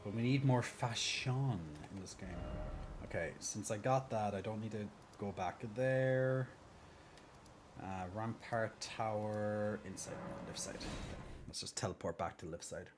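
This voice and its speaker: Man chatting over his gameplay, low voice. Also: unhurried. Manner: chatty, muttering to himself, sarcastic asides. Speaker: streamer. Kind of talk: casual gameplay commentary. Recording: stream audio with background noise.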